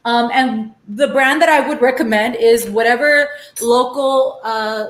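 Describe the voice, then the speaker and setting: Young woman doing a cooking stream, kinda high voice, chatty and ranty, echoey kitchen. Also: unhurried. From Los Angeles. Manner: chatty, mixes in Spanish phrases, animated rants. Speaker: cooking show host. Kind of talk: casual live-stream cooking chat. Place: home kitchen.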